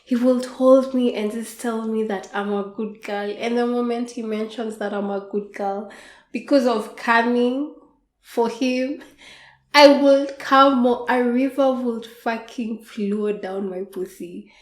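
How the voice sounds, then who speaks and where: A woman hosts a podcast and tells a candid personal story in a slow, drawn-out way. She speaks frankly and lets soft laughs slip between her sentences. Her voice comes back with a roomy echo. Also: on the high side, fairly even intonation. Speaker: podcast host.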